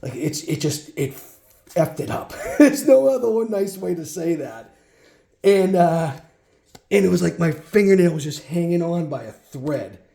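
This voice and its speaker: A man's voice: a little high, sing-song, measured pace, creaky, warm tone. A man rambling through childhood stories in a casual vlog while sorting cards, full of fillers and restarts. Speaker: card collection vlogger. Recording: echoey room.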